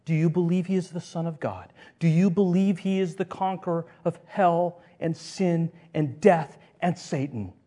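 A man preaching a sermon as a pastor, swinging from loud declarations to hushed words and repeating phrases for emphasis. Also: a little high, moderate pace, few pauses.

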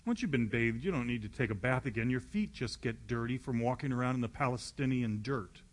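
A man's voice: medium pitch, fairly quick. A man preaching a sermon, retelling the scene as vivid storytelling and acting it out.

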